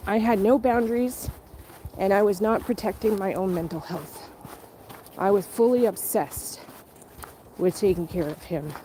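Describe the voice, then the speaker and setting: A woman's voice: medium pitch, normal speed, pauses often, warm tone, slight background noise, rough recording. A woman telling a personal story on a live stream while walking her dog outdoors in a rural area, speaking candidly and rambling. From Canada. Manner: candid, rambling, checking on viewers. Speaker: vlogger.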